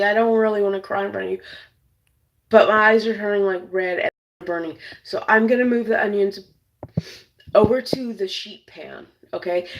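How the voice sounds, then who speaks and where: Speaking in a sharp, medium-pitched voice, a cooking channel host demonstrates a dish in her kitchen and chats casually with her audience as she goes. She keeps addressing them as "you guys." The recording quality is low.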